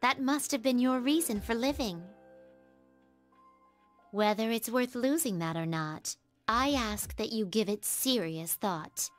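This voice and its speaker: A woman voicing a calm, formal, mysterious wanderer in a video game, speaking in slow, polite, measured sentences. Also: fairly high pitch, faint music behind, lightly acted. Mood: solemn.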